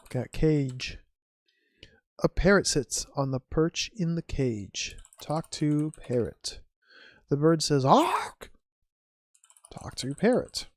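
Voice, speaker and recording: With wry, musing commentary, a streamer works through an old adventure game, slowly voicing typed commands and reading the game text. The voice is mid-range and darkish, with no echo.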